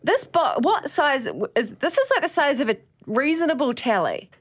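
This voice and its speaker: A woman co-hosting a podcast in casual chat, gushing and excitable. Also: high-pitched, normal speed. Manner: gushing, excitable, squeals and laughs. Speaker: podcast co-host.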